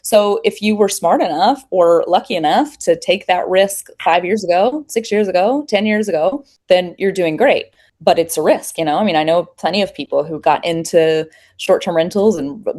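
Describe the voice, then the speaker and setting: A woman's voice: lowish voice, moderate pace, darkish tone. Chatty woman guest who laughs between points. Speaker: industry guest. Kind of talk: casual interview chat.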